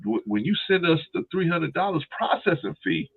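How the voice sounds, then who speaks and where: A man co-hosting a casual chat, telling a story animatedly and mimicking other people in a high voice. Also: normal speed, husky. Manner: animated, acts out quotes in a high voice. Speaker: co-host. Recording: tinny phone-line sound.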